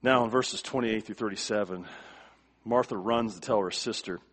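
A male pastor delivering a sermon, emphatic, repeating words for stress and swinging from quiet to forceful. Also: on the low side, normal speed.

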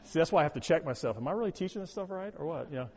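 A male pastor preaching in a church hall, his voice set high for a man. He stresses his points hard, doubles up words, and drops to a hushed, prayerful tone between loud urging passages. The sound carries a long hall reverb. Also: lively intonation, rapid-fire, slightly rough. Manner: emphatic, repeats words, swings from loud urging to quiet prayerful tones. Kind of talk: sermon.

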